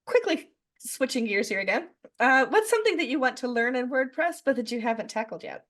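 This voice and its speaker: A woman's voice: high-pitched, expressive, a little fast, a bit bright. A middle-aged woman hosting a podcast interview, playful and teasing, telling stories with laughter. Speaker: podcast host. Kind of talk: casual interview chat.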